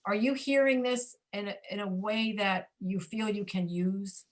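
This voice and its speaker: A woman's voice: mid-range voice, unhurried. A woman teaching a pronunciation class over a video call, demonstrating reduced speech and often checking that students understand.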